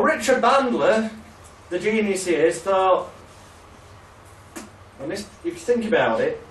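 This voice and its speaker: Male trainer, casual and sweary, slightly high voice, recorded from a distance in an echoey room. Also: a little hiss or hum. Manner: swears freely, laughs at own stories, loose and chatty. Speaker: hypnotherapy trainer. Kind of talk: casual storytelling lecture.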